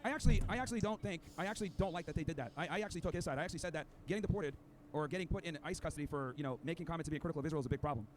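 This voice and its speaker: A man hosting a podcast speaks in a fairly high, racing voice over slight background noise. It's a heated debate clip where he argues combatively, lecturing and hurling insults at his opponent.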